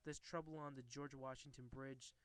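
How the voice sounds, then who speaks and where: A joking young superhero from a comic book, read aloud by a man. The delivery is plain and close to his everyday voice. The sound is smooth and clear. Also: mid-range voice, little pitch movement, moderate pace, dry recording, close to an everyday voice.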